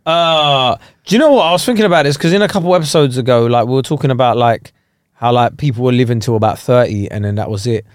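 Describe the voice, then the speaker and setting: A man's voice: medium pitch, fast, smooth, no room sound, clean studio sound. A young man, co-hosting a podcast in casual chat, joking and slipping into silly voices. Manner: jokey storyteller, slips into silly voices. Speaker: podcast co-host.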